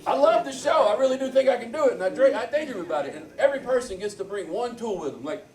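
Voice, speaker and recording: A man's voice: extremely high pitch, expressive, quick pace, darkish tone. A man with a Southern accent doing a brash, crude stand-up set, bantering with the crowd in a bar. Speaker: stand-up comedian. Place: comedy bar stage. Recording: echoey club from far off, crowd.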